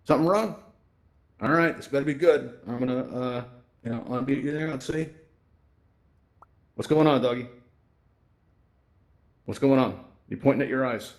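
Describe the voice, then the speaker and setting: With a medium-pitched voice at normal speed and frequent pauses, a man presents a VR tutorial event through a headset microphone. His delivery is chatty and casual, sentences often ending in "right?" or "you know".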